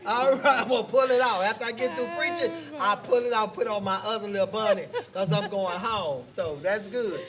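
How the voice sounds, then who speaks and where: A woman's voice: medium pitch, a little fast, few pauses, a crowd in the background. A woman in her fifties hosting a casual live talk show, chatty, laughing often as she reads viewer comments aloud.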